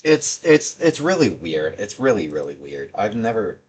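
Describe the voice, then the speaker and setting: A man's voice: low-pitched, sing-song, moderate pace, darkish tone, breathy edge. A young man doing casual, sarcastic gaming commentary, reading out chat messages in a rambling, mocking way. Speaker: gaming video creator.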